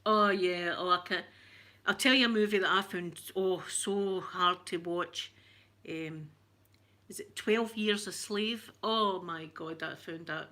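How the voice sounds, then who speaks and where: A woman's voice: on the low side, steady tone, slow pace, sharp tone. A woman chatting casually with viewers on a stream, open and emotional about her feelings. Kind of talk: casual chat answering viewers.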